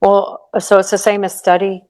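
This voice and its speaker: A woman's voice: medium pitch, flat delivery, normal speed, a little mellow. A woman learning a language on a video call, hesitant, asking questions and trying out new words. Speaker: language student. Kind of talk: online tutoring lesson.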